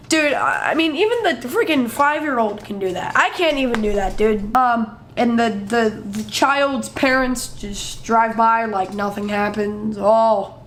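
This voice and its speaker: Slow, rambling woman doing sarcastic commentary. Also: a little high, fairly bright tone, a little hiss or hum. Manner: rambling, laughing, sarcastic asides. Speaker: commentary host. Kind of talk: reaction commentary.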